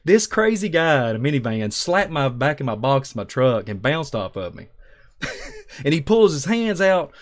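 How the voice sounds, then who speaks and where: A man's voice: medium pitch, lively intonation, moderate pace. A man telling stories on a talk show, emphatic and rambling, acting out the voices of people in his stories. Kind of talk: animated storytelling on a talk show.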